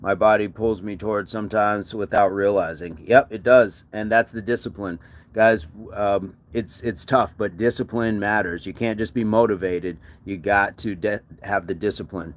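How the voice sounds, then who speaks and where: A man's voice: fairly low pitch, fairly even intonation, normal speed. A man hosting a fitness livestream, chatting casually and answering viewer comments with encouragement.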